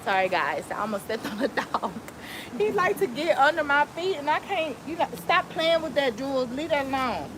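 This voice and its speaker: A woman with a high, very animated voice speaks at a moderate pace. She's a barber cutting hair on a windy outdoor deck, playfully chatting into a phone with viewers and her dog during a casual live stream. Wind and ambient outdoor noise come through on the recording.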